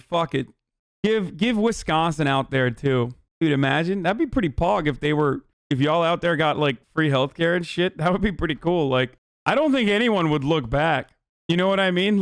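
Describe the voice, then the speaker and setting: A man's voice: on the high side, clean tone, dry recording, clean studio sound. A man giving livestream commentary in a profane, rambling, sarcastic way.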